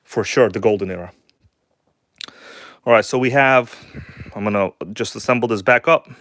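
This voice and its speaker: A man's voice: fairly low pitch, moderate pace, fairly bright tone. A man hosting a casual hobby livestream from home, talking loosely and joking with viewers. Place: at home, kitchen table.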